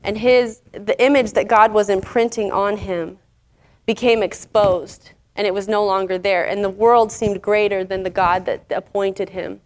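A woman's voice: mid-range voice, steady tone, measured pace. A woman teaching a casual Bible lesson, paraphrasing the story in a chatty way with fillers.

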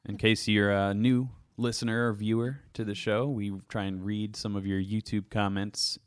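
A man's voice: lowish voice, flat delivery, moderate pace, clean tone, dry recording. A young man hosting a music podcast, joking around and reading out listener comments in casual chat. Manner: jokey, playful, reads comments aloud. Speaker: podcast host.

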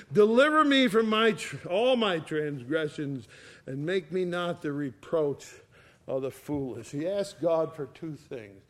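A man's voice: a little high, expressive. A man preaching a sermon, reading scripture verses aloud and explaining them, with swelling emphasis on key words. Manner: slow, emphatic, rising and falling in volume for emphasis.

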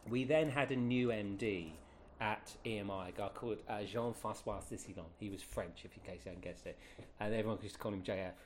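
Middle-aged guest, lower voice, chatty anecdotal delivery, lots of ums. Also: male voice, a little fast, hardly any pauses, a little hiss or hum. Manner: lively, animated retelling with many fillers. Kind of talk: casual anecdotal storytelling.

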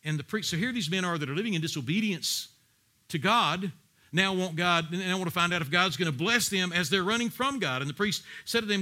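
A man's voice: on the high side, expressive, fairly quick, sharp tone. A man preaching a sermon, asking the congregation pointed questions and reading Bible verses aloud. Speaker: pastor.

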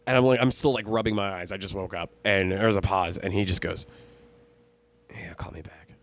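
A man's voice: lowish voice, fast. A man casually telling a long story in a rambling, profane way, full of fillers and restarts. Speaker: storyteller on a podcast.

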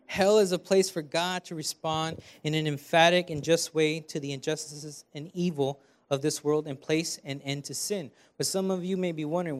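A young man gives a sermon in a church, his voice sitting a bit high for a man. He preaches earnestly but conversationally, throwing in friendly asides to the congregation. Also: moderate pace. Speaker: preaching student. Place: church hall.

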